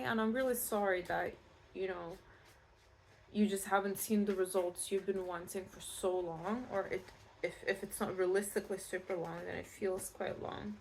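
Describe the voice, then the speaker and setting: A woman's voice: medium pitch, slight background noise. A Scottish woman giving a casual pick-a-card tarot reading, chatty and reassuring, with many fillers and restarts. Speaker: tarot reader.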